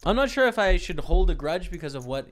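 A man's voice: sits high, sing-song, fast. A man casually talking to his viewers over a poker broadcast, rambling and chatty.

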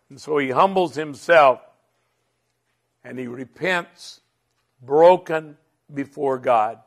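A man delivering a Bible teaching in a sermon manner. His voice is somewhat high with a gravelly, creaky texture, and he takes his time, leaving long pauses. He moves between hushed, tender phrases and fervent, emphatic ones. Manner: slow, earnest, swells from hushed to fervent.

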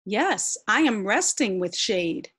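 A woman doing a showy male peacock from a picture book, speaking lightly. The reading is unhurried with a breathy edge. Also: medium pitch, sing-song, fairly bright tone, exaggerated voice.

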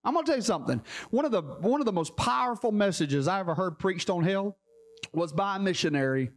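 Preacher, male, high-pitched, fervent repetitive sermon delivery that climbs into shouting, church setting. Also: lively intonation, fast talker. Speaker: pastor.

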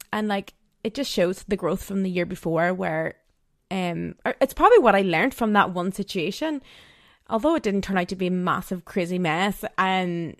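A woman's voice: medium pitch, no room sound, clean studio sound. A young woman hosting a casual solo podcast, chatting with lots of fillers and acting out quoted lines. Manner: chatty, frequent "like" fillers, acts out quoted dialogue. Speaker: podcast host.

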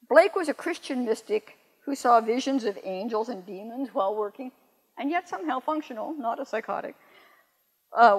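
Older woman lecturing in a reverberant hall. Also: a little high. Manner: measured, slows down to read verse aloud; self-correcting, wry asides. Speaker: poet lecturing. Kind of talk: lecture with poetry reading.

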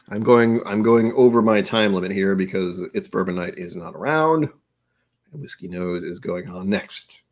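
American guy in his 40s chatting on a stream, lowish voice, goofy and rambly. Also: moderate pace. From United States. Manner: rambling, joking, chuckles often. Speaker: livestream host. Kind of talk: casual livestream chat.

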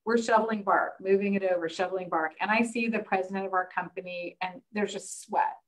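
A woman hosting a casual discussion, telling an animated story and acting out the dialogue. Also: mid-range voice, fairly quick, rough recording. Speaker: host. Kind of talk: casual chat.

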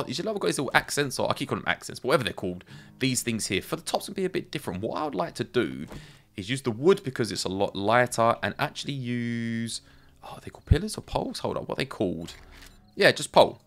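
A man's voice: mid-range voice, very animated, fast talker, fairly bright tone, faint music behind. A man giving casual, chatty gameplay commentary, thinking aloud as he builds and talks to his viewers. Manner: chatty, thinking aloud, self-talk with playful asides. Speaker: game streamer.

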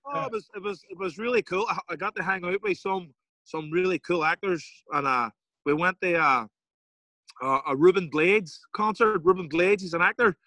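A man with a Derry Northern Irish accent, a podcast guest telling stories in a casual, animated way, acting out other people's lines and swearing freely. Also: sits high, moderate pace, no room sound, low-quality recording. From Northern Ireland. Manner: animated, acts out quoted voices, swears casually. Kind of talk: casual storytelling interview.

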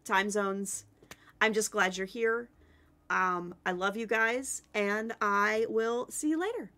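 A bubbly woman in her thirties chats casually as a game streamer wraps up her live stream. Her voice is bright and a little tense at a middle pitch, and her talk is loose, with plenty of fillers. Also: takes it slowly. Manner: bubbly and chatty, with many fillers.

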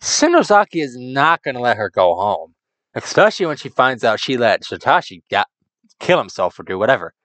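A young woman doing let's play commentary, brash, excitable and swearing often. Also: a bass voice, a little fast. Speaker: gaming commentator.

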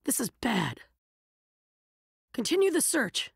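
A woman playing a husky commanding village leader. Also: on the high side, big pitch swings, slow pace, no room sound, clean studio sound, heavily acted. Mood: urgent. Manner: urgent, giving orders. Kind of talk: video game cutscene dub.

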